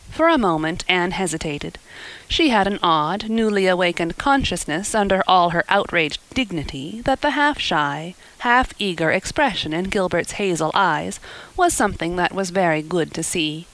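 A woman narrating a classic storybook in a measured, expressive reading. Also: fairly low pitch, low-quality recording. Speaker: audiobook reader. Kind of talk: scripted narration.

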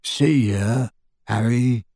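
A man voicing a big, awkward teenage boy who mumbles slowly and low. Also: mellow, no echo, studio quality. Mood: mumbling.

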